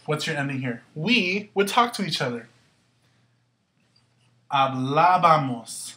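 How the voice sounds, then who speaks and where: A woman's voice: low-pitched, very animated, a little fast, bright, forceful tone. A woman teaching a Spanish grammar lesson, upbeat and going through the verb endings step by step. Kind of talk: classroom-style grammar lesson.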